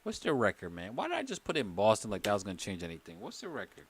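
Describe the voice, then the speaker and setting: A man's voice: on the low side, huge pitch swings, fast talker, husky. A man chatting loosely and joking with his viewers on a livestream, a little tipsy from wine. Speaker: livestream host. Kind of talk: casual live-stream chat.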